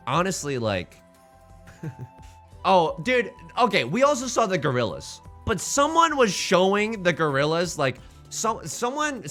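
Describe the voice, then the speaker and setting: A male streamer chats to his audience in a lively, joking, self-mocking way. His voice sits a bit high for a man and swings widely in pitch. Soft music plays quietly behind him. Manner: animated, jokey, self-mocking. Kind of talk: casual stream chat.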